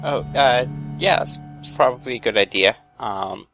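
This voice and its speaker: A man's voice: mid-range voice, normal speed, creaky, over music. A man playing in a tabletop game, chatting casually and easygoing, with small laughs. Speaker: player. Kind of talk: casual chat.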